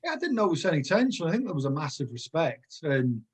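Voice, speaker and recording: A middle-aged former footballer, guesting on a podcast, talks fast in a husky, sing-song voice on the high side. His casual chat is full of long, rambling anecdotes that keep restarting.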